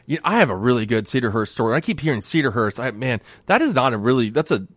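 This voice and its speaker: A man co-hosting a radio talk show as a former prosecutor, telling animated stories and hedging on touchy points. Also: mid-range voice, fast talker, no room sound. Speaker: radio co-host, former assistant district attorney. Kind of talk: casual radio talk and storytelling.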